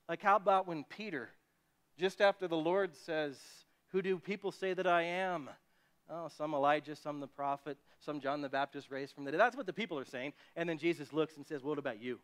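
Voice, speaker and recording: Man, pastor, sermon, high-pitched, animated delivery, dramatized quotes. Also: normal speed. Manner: animated preaching, acting out quoted voices.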